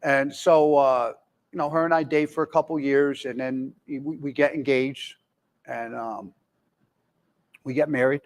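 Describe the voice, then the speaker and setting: A man's voice: mid-range voice, fairly even intonation, measured pace. A man in his forties telling his own recovery story candidly, rambling with many fillers and restarts. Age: 40s. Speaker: speaker in recovery. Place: jail, indoors.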